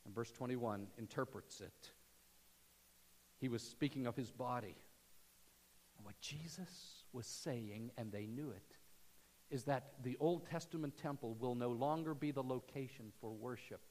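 A man preaching a sermon to his church, swinging from loud emphasis to hushed near-whispers. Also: mid-range voice, a little slow, pauses often, long reverb tail. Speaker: pastor. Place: church sanctuary.

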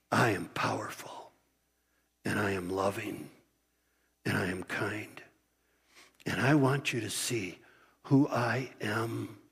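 A preacher voicing God as a vast, calm, tender male deity, speaking in a deep, hushed, slow intonation. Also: creaky, slightly rough, heavily acted.

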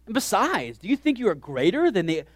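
A man preaching a sermon as pastor, animated, swinging from hushed asides to shouted lines. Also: sits high, brisk, no echo.

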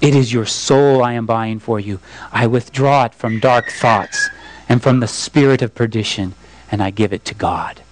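A man reading as a gentle old bishop. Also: a little high, big pitch swings, measured pace. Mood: solemn.

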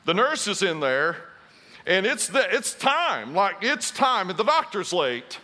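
Bright, high-voiced male pastor. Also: big pitch swings, unhurried. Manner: storytelling, self-deprecating humor. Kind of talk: sermon.

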